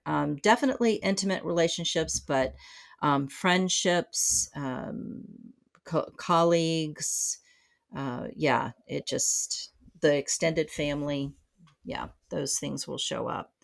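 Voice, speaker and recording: A woman's voice: low voice, creaky. A middle-aged woman speaking as a psychotherapist guest on a podcast, reflective and full of fillers and restarts. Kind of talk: conversational podcast interview.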